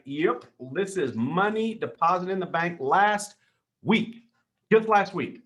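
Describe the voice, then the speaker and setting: A man hosting a weekly team sales call, reading out leaderboards with hyped shout-outs, calling people dude and brother. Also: on the high side, animated. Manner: hyped, calls everyone dude and brother, quick asides.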